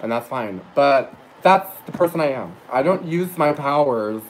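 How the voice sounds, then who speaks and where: Animated and medium-pitched, a man talks at a normal speed over a low-quality recording with slight background noise. The tipsy psychic reader rambles and rants through a foul-mouthed livestream monologue, getting teary here and there and correcting himself as he goes.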